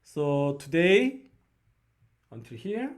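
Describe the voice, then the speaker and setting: A man with a Korean accent teaching a beginner lesson, speaking slowly and patiently and often checking in with "right?". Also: on the high side, big pitch swings. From South Korea. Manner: slow, patient, repeats "right?" to check on learners.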